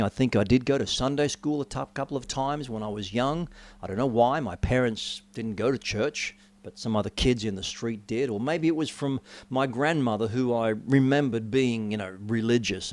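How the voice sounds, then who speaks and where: A middle-aged man giving a sermon testimony, telling his story with dramatic rises and drops in pitch and volume. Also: moderate pace, a little mellow. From Australia. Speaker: preacher.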